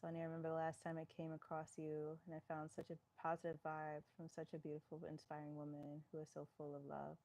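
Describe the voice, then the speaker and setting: Low-voiced woman chatting on a live stream. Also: monotone, quick pace, few pauses, darkish tone. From New York. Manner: chatty, reading viewer comments aloud and answering them. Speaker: live-stream fitness host. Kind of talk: casual live-stream chat.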